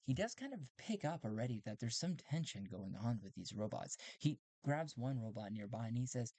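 A man runs a solo tabletop game, narrating and calling out dice rolls in a loose, rambling way. He corrects himself often and chuckles along the way. His voice is mid-pitched and dry, recorded close with no room echo. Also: big pitch swings, moderate pace, hardly any pauses, mellow. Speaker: solo game master and player.

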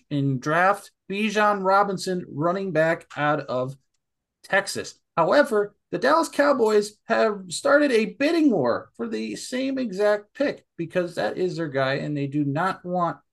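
A man putting on the voice of a TV sports insider, delivering a mock trade report in an exaggerated newscaster manner. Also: high voice. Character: impression of a male TV sports insider giving a report.

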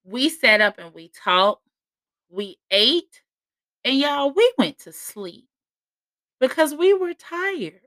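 Young woman hosting a podcast, chatty, laughing, unhurried, bright tone, dry close sound. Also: high voice, lively intonation, dry recording. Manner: chatty, laughs often, addresses listeners as y'all. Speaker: podcast host. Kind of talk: casual personal podcast monologue.

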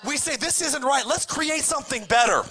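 A man preaches with a high, bright, ringing voice. He is animated and emphatic, and he switches between conversational asides and raised, shouted declarations. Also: moderate pace. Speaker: pastor. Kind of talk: sermon.

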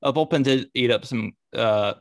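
A man's voice: mid-range voice, normal speed, dry recording, clean studio sound. Laid-back man chatting about baseball. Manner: casual, hesitant, many fillers. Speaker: podcast co-host. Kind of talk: casual sports chat.

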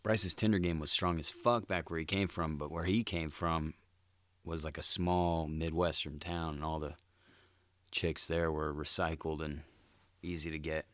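Very deep-voiced crude male host. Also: level tone, a little slow, a bit bright, dry recording, studio quality. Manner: crude, laid-back, swears a lot and says "dude". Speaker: podcast host. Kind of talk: solo comedic monologue.

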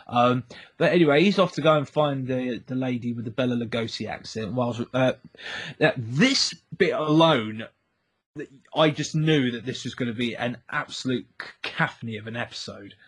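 A man's voice: medium pitch, moderate pace, fairly bright tone, slightly rough. A man, co-hosting a casual recap chat, rambling and laughing as he retells scenes. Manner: rambling, laughs often, acts out quotes. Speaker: podcast co-host recapping an episode.

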